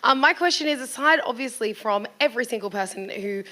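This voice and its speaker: A woman in the audience asking the speaker a question in a quick, gushing way, with many fillers. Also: a little high, animated, sharp tone, slight background noise.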